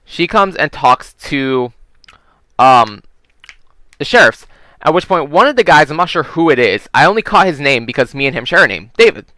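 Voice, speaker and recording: A man's voice: a little high, sing-song, moderate pace, bright, forceful tone, no room sound. A young man casually telling a long story while playing a game, rambling with lots of "you know" and frequent swearing. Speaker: gaming video creator telling stories. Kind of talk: casual storytelling over gameplay.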